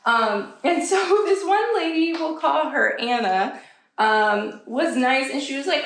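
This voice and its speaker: A woman vlogging from home and telling a rambling story to her viewers. Her voice sits a little high and has a gravelly fry, and the room around her is echoey. She pops up into a much higher voice whenever she quotes someone. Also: moderate pace. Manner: chatty, animated, acts out quoted voices in a much higher pitch. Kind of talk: casual storytelling vlog.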